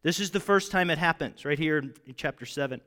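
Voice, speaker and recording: A man teaching a Bible lesson as a sermon, conversational and animated, often checking his listeners follow. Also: a little high, fast. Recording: long hall reverb.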